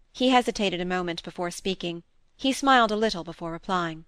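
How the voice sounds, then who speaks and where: A woman reading a classic novel aloud as audiobook narrator, in a measured storytelling voice. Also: fairly low pitch, fairly bright tone, clear, resonant tone, no room sound. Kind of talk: scripted narration.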